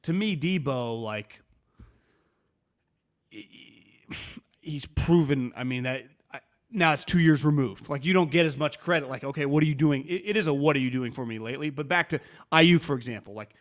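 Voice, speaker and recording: A man co-hosting a sports podcast, talking fast and animated with many restarts and quoted asides. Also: on the high side. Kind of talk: casual sports talk.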